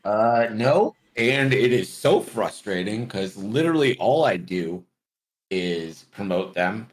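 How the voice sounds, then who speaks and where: A man chatting casually as a guest on a video call, talking fast and joking. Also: fairly low pitch. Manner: fast, animated, jokey. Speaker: guest commentator. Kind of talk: casual chat.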